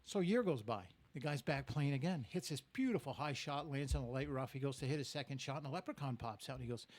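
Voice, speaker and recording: A man's voice: mid-range voice, fast. An older man, a stand-up comedian, telling jokes and chatting as a podcast guest. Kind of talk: podcast joke-telling and chat.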